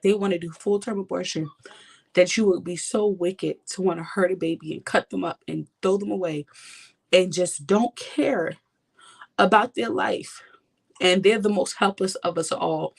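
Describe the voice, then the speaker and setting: A young woman vlogger giving an impassioned personal testimony, talking straight to her viewers. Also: lowish voice. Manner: impassioned, addresses viewers directly.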